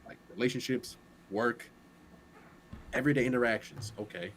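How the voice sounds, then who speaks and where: A man co-hosting a casual talk show, calmly explaining things with everyday examples. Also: medium pitch, moderate pace, slight background noise, poor audio. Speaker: podcast co-host. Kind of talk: casual chat.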